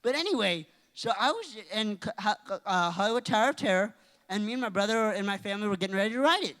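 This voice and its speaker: A teenage boy giving a youth-group talk, telling rambling, excitable stories. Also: high voice, fast. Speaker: youth speaker. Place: church hall. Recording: reverberant hall.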